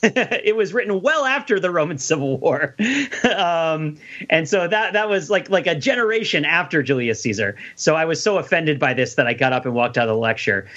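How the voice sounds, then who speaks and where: Bright, animated male co-host, lo-fi audio. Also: fairly high pitch, normal speed. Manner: animated storyteller, laughs often. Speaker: podcast co-host. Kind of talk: casual podcast chat. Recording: dull lo-fi audio.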